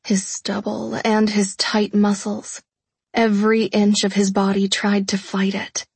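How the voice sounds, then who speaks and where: Slow, breathy woman reading a romance. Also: medium pitch, completely flat delivery, no echo. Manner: soft, hushed and intimate, often whispering. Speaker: audiobook narrator. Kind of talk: first-person romance narration.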